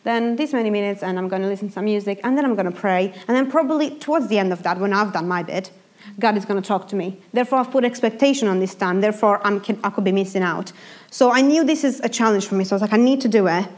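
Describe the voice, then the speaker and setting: A young woman giving a sermon, telling a personal story in a lively, animated way. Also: mid-range voice, fast talker. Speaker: preacher.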